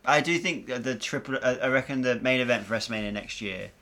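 A man's voice: mid-range voice, fast talker, pushed and bright. A man in casual podcast chat, opinionated and rambling, with frequent restarts. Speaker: podcast co-host.

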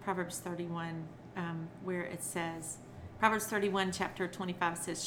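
Middle-aged woman telling lively stories. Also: lowish voice, measured pace, few pauses. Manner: animated storyteller who acts out quotes. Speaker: podcast guest, children's entertainer. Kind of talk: casual interview chat. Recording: noisy background.

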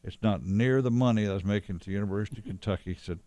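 A man with a fairly low voice tells a long story about an old friend. He rambles, restarts his sentences and acts out the dialogue. The sound is dry and close, with no room around it. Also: racing, dark tone, dry recording. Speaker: storyteller guest recalling a friend. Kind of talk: casual conversational storytelling.

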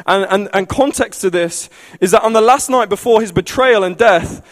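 A man preaching a sermon with passion, building to loud pleading climaxes. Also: high voice, normal speed.

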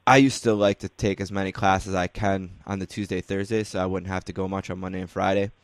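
A man's voice: low-pitched, fast, no echo. A man hosting a casual interview, asking questions and telling rambling stories. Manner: relaxed, rambling storyteller. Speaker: podcast host interviewing players.

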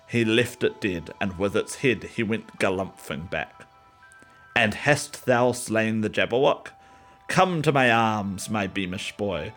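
Very slow, deep-voiced man reading poetry. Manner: slow, deliberate, relaxed. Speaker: poetry reader. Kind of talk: personal intro and poem reading.

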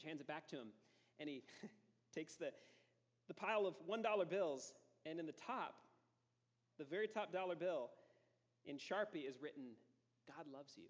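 A man preaching a sermon as pastor, telling a story in a relaxed, conversational way with frequent fillers. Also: fairly high pitch, moderate pace, long pauses, big-room sound.

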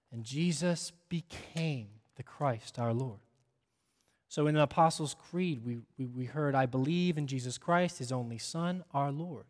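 Preaching man with a high voice. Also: big-room sound. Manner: preaching with big swings from hushed to near-shouting. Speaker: pastor. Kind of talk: sermon.

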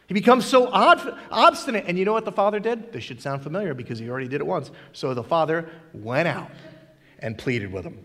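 A man's voice: a little high, very animated, fairly quick, fairly bright tone. A male pastor preaching a sermon to a congregation, animatedly acting out the characters' lines as he tells the story. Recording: long hall reverb.

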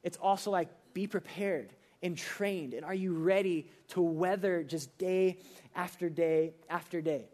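A young man preaching a sermon in a casual, conversational way, full of fillers and quick acted asides. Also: sits high, steady tone, a little mellow. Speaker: pastor.

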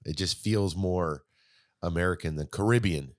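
A man co-hosting a podcast, bantering in a relaxed, playful way and laughing easily. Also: low voice, moderate pace, dry recording, clean studio sound. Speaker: podcast co-host. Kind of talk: casual podcast chat.

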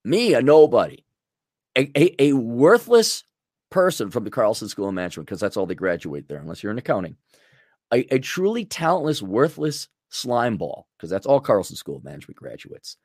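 A man's voice: mid-range voice, very animated, fairly quick, darkish tone, dry recording, clean studio sound. A man hosting a podcast, ranting in a blunt, sarcastic and crude way. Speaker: podcast host. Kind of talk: ranting monologue.

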